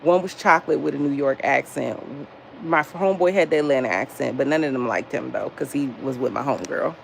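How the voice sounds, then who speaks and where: A woman in her thirties hosting a casual livestream, telling stories with lots of profanity and talking straight to her chat, her pitch jumping as she gets into it. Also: fast talker, gravelly, slight background noise. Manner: lively storytelling, frequent jumps in pitch. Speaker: livestream host.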